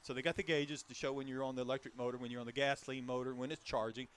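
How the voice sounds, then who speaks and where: A man's voice: medium pitch, fairly even intonation, racing, fairly bright tone. A man co-hosting a car show, chatting casually and reeling off prices and specs. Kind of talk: casual outdoor chat.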